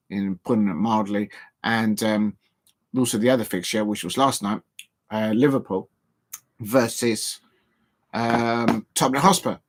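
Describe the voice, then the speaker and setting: A man hosting a casual football live stream, rambling with frequent pauses and restarts as he chats to his viewers. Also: lowish voice. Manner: rambling, many ums and restarts, chatty asides to viewers. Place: home, seated at a table.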